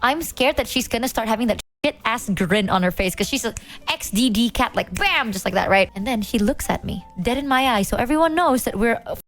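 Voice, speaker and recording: Woman streamer, casual storytelling, slangy, exaggerated, slightly high voice. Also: lively intonation, a little fast, soft background music. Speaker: VTuber streamer.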